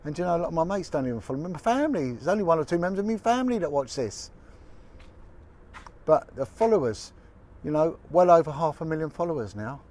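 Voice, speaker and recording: A man's voice: fairly high pitch, very animated, fast talker, a little mellow. A man, a former detective giving a blunt, indignant, colloquial video update. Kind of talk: impassioned direct-to-camera update.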